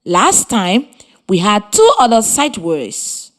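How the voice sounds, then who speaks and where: A woman, giving a scripted radio lesson for children in slow, deliberate, encouraging instructions. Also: medium pitch, big pitch swings. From Liberia. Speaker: radio teacher.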